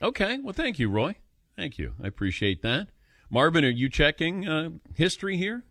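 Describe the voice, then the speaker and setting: A man's voice: on the high side, normal speed, no room sound. Radio host guy telling a story, voice goes up and down a lot, dry close mic. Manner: animated storyteller, chuckles while telling. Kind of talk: call-in radio show storytelling.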